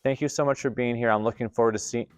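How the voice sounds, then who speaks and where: A man hosting a theater camp lesson, explaining acting technique in clear, deliberate scripted narration. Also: medium pitch, steady tone, faint music behind.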